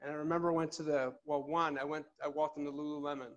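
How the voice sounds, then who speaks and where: A middle-aged man telling a funny, animated personal story to an audience at an office event. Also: a little high, quick pace, highs cut off. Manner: animated, jokey, acts out quotes. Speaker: motivational speaker.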